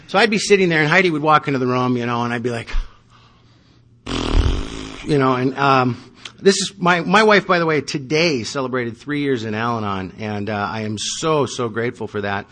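A man's voice: mid-range voice, moderate pace, sharp tone. A man in his thirties telling his recovery story at a meeting, wry and self-mocking. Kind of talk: personal testimony with self-deprecating humor.

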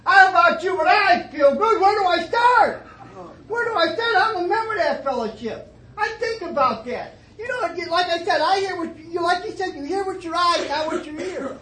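A middle-aged man telling his story at a twelve-step meeting, starting low and emotional and rising to fervent emphasis, with many repeated phrases. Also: animated, moderate pace, bright, forceful tone. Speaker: recovering alcoholic sharing his story. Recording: echoey meeting room, faint noise.

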